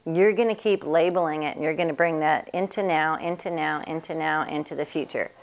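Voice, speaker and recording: A woman's voice: deep voice, fairly quick. A woman who works on horses and teaches students, telling casual stories in a chatty way and laughing often. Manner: chatty, acts out other people's voices in quotes, laughs often. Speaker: equine bodywork practitioner and teacher. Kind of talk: casual anecdotal storytelling.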